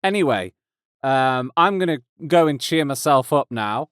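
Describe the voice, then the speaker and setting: A man's voice: medium pitch, expressive, measured pace, fairly bright tone, clean tone, no echo. A man in his thirties hosting a casual podcast intro, rambling and self-deprecating on a close mic. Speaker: host. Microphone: close studio mic.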